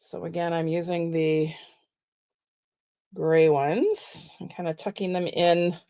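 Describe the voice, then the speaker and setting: A middle-aged woman giving a chatty, step-by-step live craft tutorial with soft asides. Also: lowish voice, slow pace, clear, resonant tone. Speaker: card-making demonstrator.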